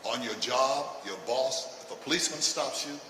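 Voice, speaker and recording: An older man doing stand-up comedy with a provocative, punchy delivery that breaks into shouts. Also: medium pitch, moderate pace. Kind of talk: stand-up routine. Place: live comedy stage. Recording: echoey live venue from a distance with noise.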